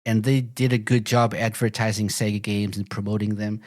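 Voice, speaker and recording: Man, low voice, podcast guest, hesitant, lots of fillers, dry close sound. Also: little pitch movement, normal speed, dry recording. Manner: hesitant, repeats words, many fillers. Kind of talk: casual podcast chat.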